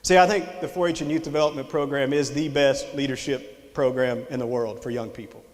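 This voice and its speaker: A man's voice: mid-range voice, fairly even intonation, a little fast. A middle-aged man with a Texan accent gives a folksy motivational talk to a live audience, telling a story and drawing the crowd in with questions. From Texas. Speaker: extension director giving a leadership talk. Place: large hall with live audience. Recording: long hall reverb.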